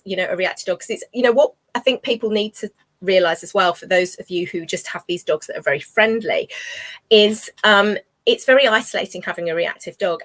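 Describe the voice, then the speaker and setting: A woman's voice: mid-range voice, a bit bright, no room sound. A middle-aged woman, chatting casually to camera about walking reactive dogs, rambling with lots of ums and you knows. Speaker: dog trainer vlogger. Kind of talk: casual talk to camera while dog walking. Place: outdoors on a walk.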